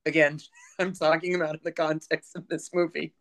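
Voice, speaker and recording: Man, podcast guest, reflective and hedging, a bit high-pitched. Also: level tone, brisk, fairly bright tone. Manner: thoughtful, hedging, searching for words. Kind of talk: casual chat.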